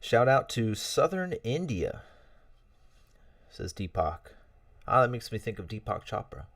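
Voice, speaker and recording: A man's voice: lowish voice, sing-song, measured pace, fairly bright tone, dry recording, far from the mic. A man hosting a casual livestream, chatting with viewers in a rambling, friendly way with many fillers and chuckles. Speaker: livestream host. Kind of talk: casual livestream chat reading out chat messages.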